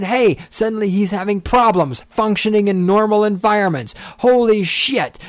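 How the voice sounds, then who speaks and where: A man's voice: high-pitched, no echo. A man hosting a solo podcast, ranting angrily and sarcastically with constant swearing. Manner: angry, profane, sarcastic ranting. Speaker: podcast host.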